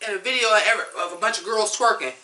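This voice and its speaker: A woman's voice: medium pitch, very fast, bright, forceful tone, reverberant, a little hiss or hum. A woman reviewing songs in a blunt, profane, fired-up rant. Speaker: music reviewer. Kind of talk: ranting song review.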